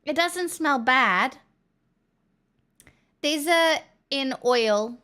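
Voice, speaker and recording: Woman, Australian accent, high voice, slow easy delivery, chatty streamer talk. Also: lively intonation, pushed and bright. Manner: chatty, narrating while tasting food. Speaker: livestream host. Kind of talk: casual live-stream chat.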